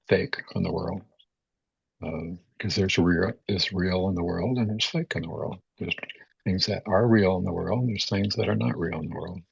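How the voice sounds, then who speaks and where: A man giving a spiritual talk as a teacher, speaking haltingly with many repeated words and fillers. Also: low voice, creaky, breathy edge, dry recording. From United States. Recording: dull, dry, lo-fi sound.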